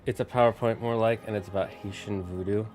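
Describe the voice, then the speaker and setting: Faint music plays behind a man who talks fast in a fairly low, slightly mellow voice with fairly even intonation. He's streaming a game and rambling casually to his chat.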